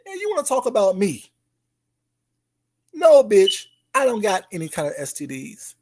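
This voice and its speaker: Youtuber going off in a callout rant, cussing, taunting, yelling then muttering. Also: huge pitch swings, normal speed. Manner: loud, profane, taunting, swings between shouting and low mutters; keeps repeating the target's name mockingly. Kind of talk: ranting call-out vlog.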